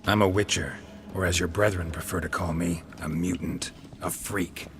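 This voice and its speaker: A man's voice: low-pitched, steady tone, moderate pace, fairly bright tone, faint music behind. An actor playing a sardonic male monster hunter in a video game, clipped and dry. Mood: wry.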